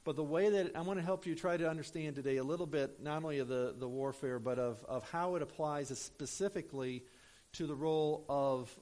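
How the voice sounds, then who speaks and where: A man's voice: a little high, a little fast, darkish tone. A man preaching a sermon in a conversational, storytelling way, with frequent fillers and asides to the congregation. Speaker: pastor.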